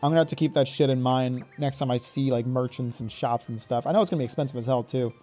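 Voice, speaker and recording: A man's voice: medium pitch, fast talker, dark tone, faint music behind. A man with a Midwestern American accent, chatting casually and rambling while streaming a game, swearing freely. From Oregon, raised in Michigan. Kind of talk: live gameplay commentary chatting with viewers.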